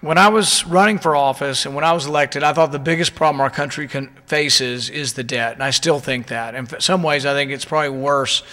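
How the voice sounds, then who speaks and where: A man delivers a political speech from a podium microphone, indignant and driving his points home with rhetorical questions. His voice sits fairly high and has a bright, forceful edge. It rings out with the long reverb of a large conference hall. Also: a little fast, few pauses.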